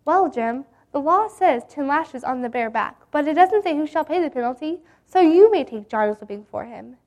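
A woman voicing a gentle but firm male schoolteacher in a read-aloud story. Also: high voice, lively intonation, normal speed.

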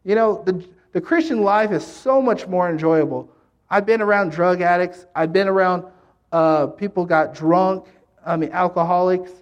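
A man preaching a sermon in an earnest, halting way, with many fillers and restarts. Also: high voice, dull audio.

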